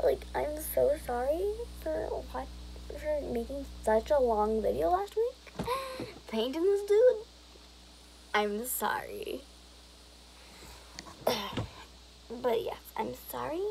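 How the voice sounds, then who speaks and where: Young woman vlogger with a slightly high, vocal-fry voice, rambles and giggles. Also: darkish tone, a little hiss or hum, poor audio. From Alberta, Canada. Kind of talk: rambling casual vlog chat.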